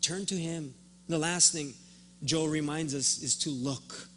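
Male pastor, sermon delivery, high bright voice, animated storyteller who voices both sides of a dialogue, faint hum behind. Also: measured pace. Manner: repeats words when starting a thought.

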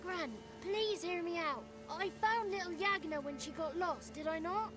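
Woman doing a very high-voiced cheeky godling kid, playful, over game music. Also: moderate pace. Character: small grey male godling child, cheeky and kind.

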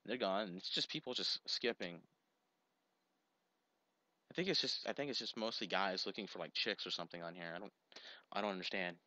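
A man giving rambling, exasperated commentary while video chatting, bursting into loud yelps now and then. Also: low-pitched, a little fast, long pauses, no room sound. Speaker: video creator. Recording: dull lo-fi recording.

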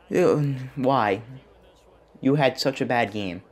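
A young man giving excited gameplay commentary as a gaming channel host, groaning and yelling at his team. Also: mid-range voice, a little slow. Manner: frustrated, yelling at the game. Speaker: gaming YouTuber.

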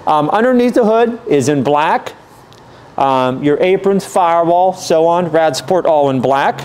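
A man with a fairly high, animated voice and a darkish tone talks a little slowly, with a faint hiss or hum in the audio. He's a car dealer casually walking a camera around a classic car for sale, narrating in an easygoing, methodical way with plenty of "um" and "uh" fillers.

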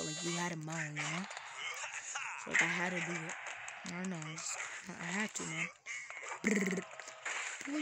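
A woman giving casual gameplay commentary as a streamer, full of playful slangy trash talk and excitable outbursts. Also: fairly low pitch. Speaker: gaming streamer. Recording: loud background noise.

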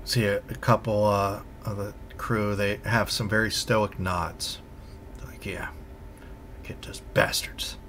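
A man narrating a tabletop game as game master in an unhurried, descriptive way. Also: on the low side, little pitch movement, fairly bright tone, slight background noise.

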